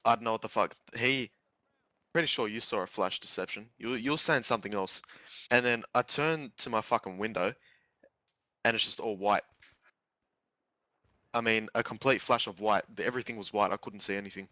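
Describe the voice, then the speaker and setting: A man's voice: fairly low pitch, brisk, pauses often, bright, forceful tone, dry recording, poor audio. A laid-back young man chatting casually with friends and swearing often. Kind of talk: casual chat.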